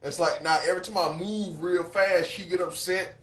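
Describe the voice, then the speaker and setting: A man chatting casually as co-host, telling a wild story full of profanity and animated retellings. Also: high voice, normal speed, echoey room. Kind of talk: casual chat.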